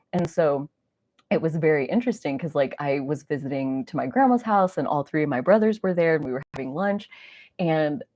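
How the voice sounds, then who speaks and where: A woman hosting an astrology talk show, telling stories in a rambling, animated way with lots of "like" and some swearing. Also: deep voice, dry recording. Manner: rambling, animated storytelling with frequent "like" and mild swearing. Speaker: astrology podcast host. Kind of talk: casual solo chat.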